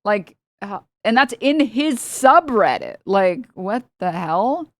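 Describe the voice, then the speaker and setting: A woman's voice: medium pitch, sing-song, slow, no echo. A young woman from the United States, a streamer giving heated, sarcastic political commentary and laughing between points.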